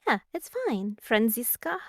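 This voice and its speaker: A woman joining a stream call as a guest, excitable and quick to exclaim. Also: a little high. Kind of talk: casual stream chat.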